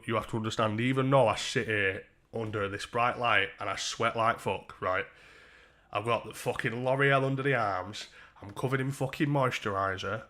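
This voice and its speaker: A man's voice: lowish voice, fairly bright tone. A man hosting a live stream, talking in blunt, sweary, laddish banter while reacting to donations. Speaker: livestream host. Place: seated under a bright light indoors.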